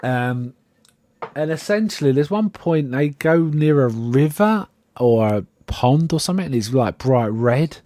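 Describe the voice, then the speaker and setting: A man chats through a TV episode recap in a loose, amused way, often losing his sentence halfway. His voice sits at an ordinary middle pitch. The recording is dry and close, with almost no room sound. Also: animated, a little slow, dark tone, dry recording. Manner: rambling and amused, often trailing off mid-sentence. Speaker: podcast co-host. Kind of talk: casual chat recapping a TV episode.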